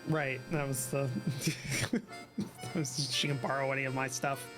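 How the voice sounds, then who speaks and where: A man playing in a tabletop game, joking, chuckling and thinking out loud about his character. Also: medium pitch, fairly even intonation, measured pace, music in the background. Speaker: player. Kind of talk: casual chat in a tabletop game.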